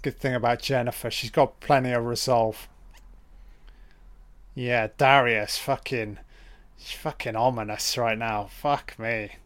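A man talks through a film in a slow, unhurried drawl, dropping swear words into his running reactions. His voice comes across smooth and clean. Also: medium pitch, fairly even intonation, fairly bright tone. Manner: profane, reactive running remarks. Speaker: film commentator. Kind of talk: casual audio commentary.

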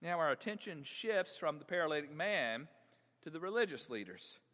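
A man's voice: fairly high pitch, sing-song, normal speed, pushed and bright, in a large hall. A male pastor preaching a sermon, engaging the congregation with frequent rhetorical questions.

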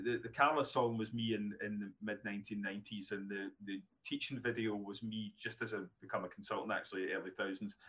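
A man in his fifties, a neurologist telling self-deprecating stories as a podcast guest, animated, with frequent restarts. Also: lowish voice. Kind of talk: casual podcast storytelling.

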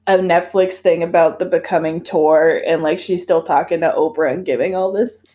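A woman's voice: on the low side, fairly even intonation, moderate pace, mellow. A young woman co-hosting a podcast, telling rambling stories full of tangents. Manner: rambling, tangent-prone storytelling. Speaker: podcast co-host. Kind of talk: casual chat.

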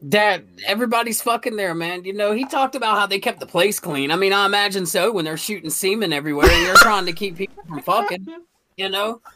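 A man's voice: sits high, fast, heavy background noise. A young man co-hosting a podcast, rambling in profane banter, recorded close and dry. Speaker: podcast co-host. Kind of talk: casual podcast chat.

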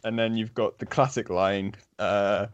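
Rambling, eager man, lowish voice. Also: steady tone, measured pace, muffled recording. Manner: enthusiastic, rambling with many fillers. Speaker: podcast guest. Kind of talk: casual chat.

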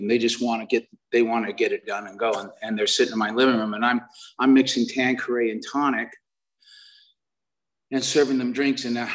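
A man's voice: medium pitch, fairly bright tone. A middle-aged man giving a personal recovery share at a meeting, rambling and self-deprecating, with lots of restarts. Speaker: main speaker at a recovery meeting. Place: meeting room before a live audience. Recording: voice picked up from a distance.

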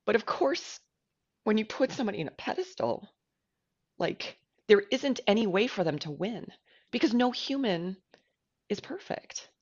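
This podcast co-host, a woman, gets candid and emotional about herself in a personal conversation, often filling gaps with "like." Her medium-pitched voice has lively intonation and a moderate pace, captured with lo-fi sound.

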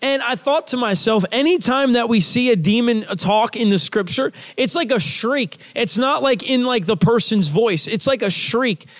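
A man's voice: extremely high pitch, normal speed, hardly any pauses. A male pastor delivering a sermon in a conversational style, with lots of "you know" fillers and restarts, repeating his key phrases for emphasis.

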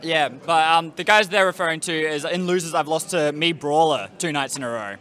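An Australian man co-hosting a live podcast, talking bluntly in quick fragments with plenty of swearing. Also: fairly high pitch, fairly bright tone. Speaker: podcast co-host. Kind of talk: casual banter at a live event.

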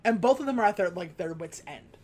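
A podcast co-host in casual chat, retelling a movie's scenes and slipping into quick character voices for the lines. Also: mid-range voice, animated, a little mellow.

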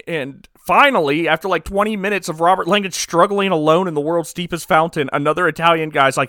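A man casually recapping a movie plot on a podcast, rambling and joking with quick asides. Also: a little high, pushed and bright, no echo, clean studio sound. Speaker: podcast co-host recapping a film.

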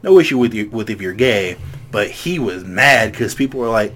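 A young man co-hosting a casual podcast chat, telling animated stories and acting out the voices of the people in them. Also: fairly low pitch, moderate pace. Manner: animated storyteller, acts out quoted voices. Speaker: podcast co-host.

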